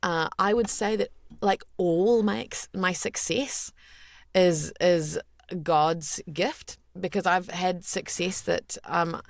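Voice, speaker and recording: A woman's voice: on the low side, steady tone, slow pace, gravelly, no room sound, clean studio sound. A woman in her thirties with a New Zealand accent, talking earnestly and candidly as a voice actor guest, with many restarts. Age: 30s. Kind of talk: casual interview chat.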